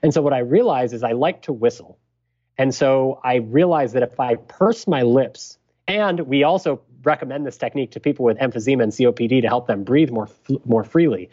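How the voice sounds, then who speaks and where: A man, a physician and podcast guest, explaining a breathing technique in a measured, thoughtful way. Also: mid-range voice, mellow, muffled recording. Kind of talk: explanatory interview talk.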